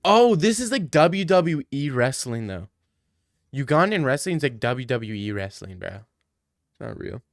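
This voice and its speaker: A man's voice: mid-range voice, sing-song, measured pace, no room sound. Joking male streamer, dry room. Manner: joking, mock-ranting. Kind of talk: casual chat answering viewer questions.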